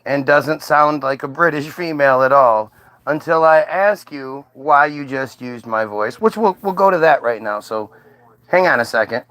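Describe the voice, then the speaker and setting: A man's voice: medium pitch, moderate pace, sharp tone, low-quality recording. An American man arguing with an AI voice in blunt, insistent casual talk. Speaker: streamer questioning an AI.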